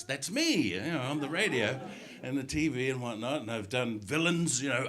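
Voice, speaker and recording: Lively male stand-up comic. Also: mid-range voice. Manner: animated, quick storytelling with acted voices. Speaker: stand-up comedian and voice artist. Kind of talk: stand-up comedy set. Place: comedy club on stage. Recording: live comedy club with audience laughter.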